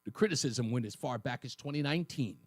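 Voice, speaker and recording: A man's voice: mid-range voice, expressive, fast talker, no echo, studio quality. A man hosting a talk radio show, delivering a combative, sarcastic political monologue in a punchy, mocking manner.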